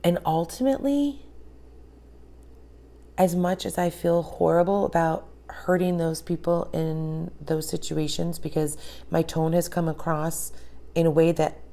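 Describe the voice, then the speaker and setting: A woman in her forties speaking candidly in a reflective personal monologue, often pausing to search for words. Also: deep voice, gravelly, dark tone. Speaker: vlogger.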